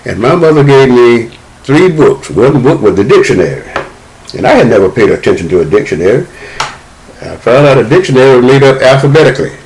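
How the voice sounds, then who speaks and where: Older man as interview guest; expressive, swooping delivery, spins a childhood yarn. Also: mid-range voice, brisk, a little hiss or hum, rough recording. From Southern United States. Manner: animated, acts out the dialogue in his story. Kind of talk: storytelling about his childhood.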